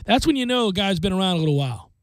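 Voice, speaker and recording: A man hosting sports talk radio, his voice a touch higher than most men's. He chats casually and tosses in wry, offhand asides. The studio sound is close and dry, with no room echo. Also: sing-song, rapid-fire. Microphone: studio microphone.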